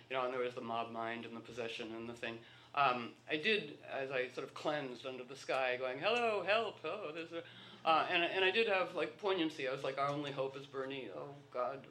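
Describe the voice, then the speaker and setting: A man's voice: medium pitch, bright, forceful tone, a little hiss or hum. A man giving a rambling, playful talk to a live group, often slipping into quoted voices.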